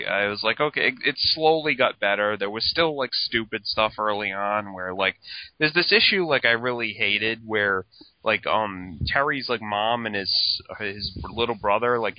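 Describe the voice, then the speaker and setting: Man, low voice, rambling casual chat, filler-heavy, dull lo-fi podcast audio. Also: no room sound. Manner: rambling, heavy use of "like", swearing. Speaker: podcast co-host.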